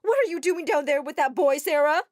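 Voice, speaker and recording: A woman voicing a stern middle-aged mother who scolds dramatically, in an animated story. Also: medium pitch, brisk, no room sound, clean studio sound, lightly acted. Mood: shouting.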